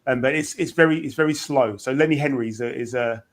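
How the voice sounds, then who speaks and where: A man's voice: mid-range voice, fast. A man with an East London accent hosting an interview, repeating words as he thinks aloud. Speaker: podcast host. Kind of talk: interview chat.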